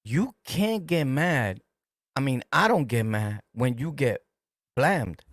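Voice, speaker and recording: Brief: New York-accented male stream host, streetwise and emphatic, mid-pitched, dry close sound. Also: very animated, slow pace, fairly bright tone, no room sound. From New York City. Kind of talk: casual commentary to a livestream chat.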